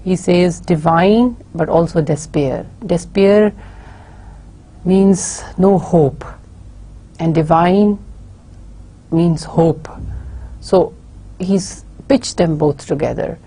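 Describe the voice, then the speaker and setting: A woman giving a recorded university lecture, explaining slowly and haltingly, with many fillers and restarts. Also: fairly low pitch, dark tone, breathy edge.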